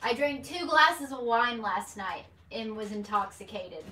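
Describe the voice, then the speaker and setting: Bubbly high-voiced woman vlogger. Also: expressive, unhurried, pushed and bright, far from the mic. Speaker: beauty vlogger host. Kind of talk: casual live-stream chat. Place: indoor room at home. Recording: echoey room, voice off-mic, faint hiss.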